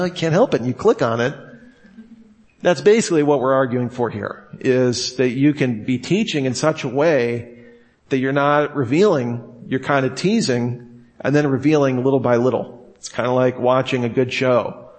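A man teaching a class on how to give talks, who asks his listeners rhetorical questions and acts out his examples in different voices. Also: medium pitch. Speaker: teacher of preachers.

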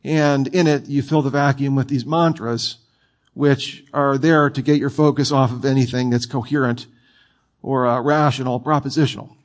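A man's voice: medium pitch, steady tone, normal speed. A man preaching a sermon in a conversational, playful way, with asides to his listeners.

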